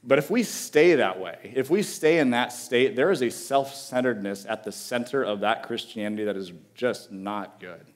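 A guest preacher gives a sermon in an earnest, conversational way, repeating points emphatically and dropping to a quiet, low voice on key phrases. His intonation is lively, his pace moderate, with few pauses.

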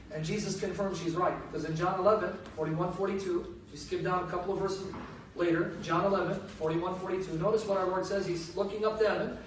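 A man preaching a sermon to an audience, emphatic and building to loud peaks on key phrases. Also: sits high, brisk, a little hiss or hum. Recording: echoey room, distant mic.

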